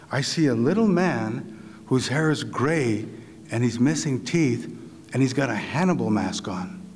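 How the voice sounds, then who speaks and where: A middle-aged man telling a story to an audience, animated and laughing, acting out other people's voices. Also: mid-range voice, creaky. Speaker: visiting writer giving a talk. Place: large hall. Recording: long hall reverb.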